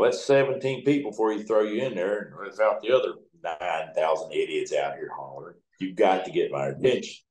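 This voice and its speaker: A middle-aged towboat captain telling rambling, folksy, profane stories in an oral history interview. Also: male voice, fairly low pitch, a little mellow. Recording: roomy echo.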